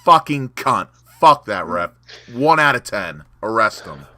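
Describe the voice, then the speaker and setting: Heated fan pundit; very bright, lively, sweary, dry close sound. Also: male voice, fairly low pitch, unhurried. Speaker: guest pundit. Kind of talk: casual post-match chat.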